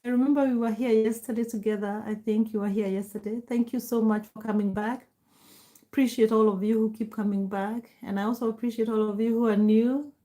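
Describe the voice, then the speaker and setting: A middle-aged woman hosting a casual livestream, warmly greeting viewers by name and laughing often. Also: on the high side, steady tone, fairly quick. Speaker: livestream host. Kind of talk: casual livestream chat reading comments.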